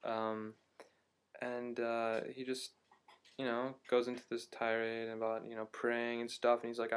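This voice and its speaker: A young man casually telling a story to his camera at home, chatty and animated, with many fillers. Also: medium pitch, moderate pace, clean tone. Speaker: vlogger.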